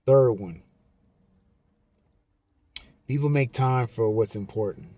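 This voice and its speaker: Man talking slowly and repeating himself. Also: medium pitch, dark tone. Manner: slow, repetitive, emphatic. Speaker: vlogger. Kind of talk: casual monologue to camera.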